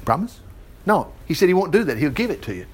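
A man's voice: high-pitched, big pitch swings, fast talker, breathy edge. A man preaching a folksy sermon, reading scripture aloud and acting out little dialogues with jokes and laughs. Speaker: pastor.

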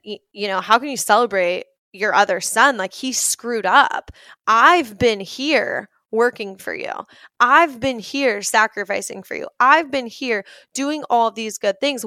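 A woman's voice: fairly high pitch, bright, forceful tone, no echo, studio quality, exaggerated voice. A woman voicing a hardworking older son who complains with indignation that he is overlooked.

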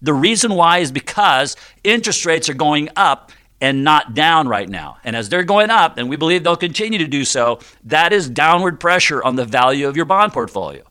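A man's voice: a little high, big pitch swings, normal speed, sharp tone, smooth. A middle-aged man hosting a financial radio show, explaining things step by step in a chatty, joking way with frequent fillers. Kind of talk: conversational radio talk.

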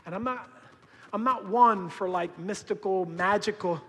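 A man preaching a sermon as pastor, conversational and full of slang, swinging between hushed and shouted emphasis. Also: high-pitched, unhurried, big-room sound.

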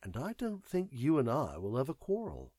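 A man voicing a detached, knowing man who speaks in a measured, wry way. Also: medium pitch, huge pitch swings, mellow, husky, no room sound, studio quality. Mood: calm. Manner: measured, wry, world-weary.

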